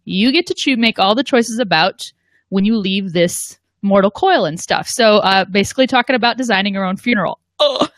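A woman's voice: medium pitch, a little fast, no echo. A woman talking as a guest host on a live show, chatty and playful. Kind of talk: casual live show chat.

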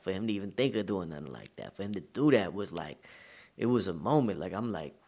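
A man from the United States, a guest in an interview, telling stories in a relaxed, slangy, conversational way. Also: low-pitched, fast talker. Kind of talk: casual storytelling interview.

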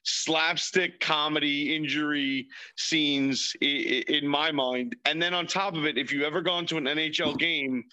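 A man's voice: fairly high pitch, steady tone, measured pace, few pauses, pushed and bright, rough recording. A man co-hosting a sports movie podcast, swearing freely and retelling movie scenes with gusto. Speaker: podcast co-host. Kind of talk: casual chat.

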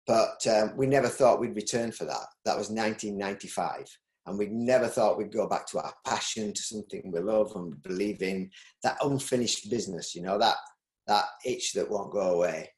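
A middle-aged man with a Yorkshire accent, talking as an interview guest in a loose, rambling way, often restarting his sentences. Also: fairly low pitch. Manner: rambling, with frequent restarts and ums. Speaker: interview guest, business owner. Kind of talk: casual interview. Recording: roomy echo.

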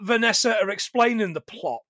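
A British man co-hosting a casual film podcast, animated, reading quotes aloud and laughing often. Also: high voice, normal speed, dry recording, clean studio sound. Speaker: podcast co-host.

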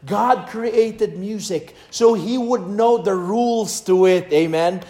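A man's voice: high voice, slow, warm tone, reverberant. A man preaching a sermon on music, stressing his points and singing short hymn lines to show rhythm. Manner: emphatic, sings hymn lines to demonstrate rhythm.

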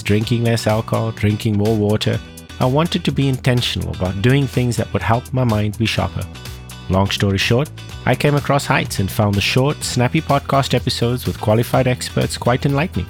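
A man hosting a podcast, asking quick follow-up questions and reading a sponsor message. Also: mid-range voice, creaky, soft background music. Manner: conversational, asks quick follow-ups. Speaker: podcast host. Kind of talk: interview questions and sponsor read.

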